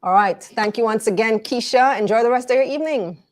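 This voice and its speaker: A woman hosting a live finance show, briskly moving the talk from one guest and topic to the next. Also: a little high. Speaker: host.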